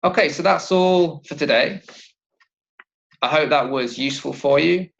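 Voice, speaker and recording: A man teaching an English vocabulary lesson, slowly modelling pronunciation and asking learners to repeat. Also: a little high, creaky, a bit bright, highs cut off. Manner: slow, deliberate, models pronunciation for repetition.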